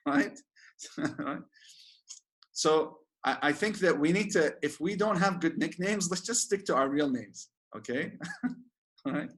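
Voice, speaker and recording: A sheikh giving an informal religious lecture, chatty and joking, with many fillers and restarts. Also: male voice, fairly high pitch, lively intonation, a little slow, a bit bright. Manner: laughs at his own jokes.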